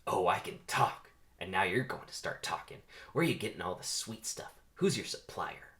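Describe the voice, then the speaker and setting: A man's voice: low voice, animated, moderate pace, a bit bright. A man voicing an earnest young male bee in a voice close to his own, reading a cartoon script aloud. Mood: tough.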